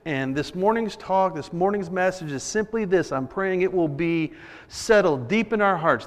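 A man's voice: fairly high pitch, a bit bright. A man delivering a sermon as pastor, reading scripture and preaching in an earnest, emphatic way with repeated phrases. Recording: long hall reverb.

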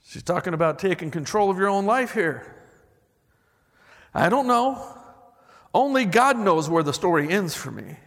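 Pastor, man, high gravelly voice, reads lyrics with rising emphasis, reverberant church sound. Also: big pitch swings, moderate pace, pauses often, a bit bright. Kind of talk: sermon.

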